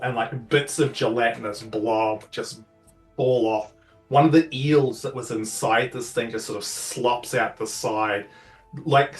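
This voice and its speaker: A man's voice: medium pitch, reverberant, far from the mic. A man runs a tabletop game as dungeon master, describing the combat in a loose, rambling way. He sits a little away from the mic, and faint music plays underneath. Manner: loose, rambling descriptions full of filler words.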